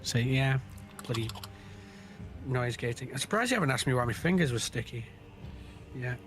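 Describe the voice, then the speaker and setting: A man's voice: medium pitch, animated, normal speed, fairly bright tone, soft background music. A man on a voice call, talking in a rambling, joking way about his setup through a directional desk mic. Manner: rambling, jokey, self-mocking. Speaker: friend on a voice call. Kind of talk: casual livestream chat. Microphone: directional desk mic over voice chat.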